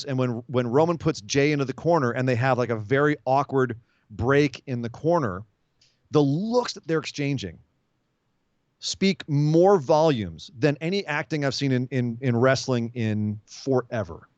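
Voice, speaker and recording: A man hosting a wrestling podcast, giving an animated, casual recap and acting out quotes as he tells it. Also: mid-range voice, normal speed, no room sound, lo-fi sound.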